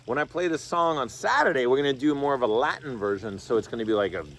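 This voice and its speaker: A man's voice: medium pitch, lively intonation, fast talker. A man teaching an online guitar class in a casual, chatty way, scatting rhythms as he explains chords. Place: home studio over video call. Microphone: video call. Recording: loud guitar under the voice. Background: guitar playing.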